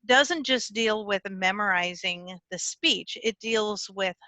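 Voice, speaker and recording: Woman giving a writing talk, bright voice, dry close sound, corrects herself now and then. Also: mid-range voice, slow, dry recording. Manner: explanatory, with small slips and self-corrections; talks with her hands. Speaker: conference speaker teaching writing. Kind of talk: conference talk.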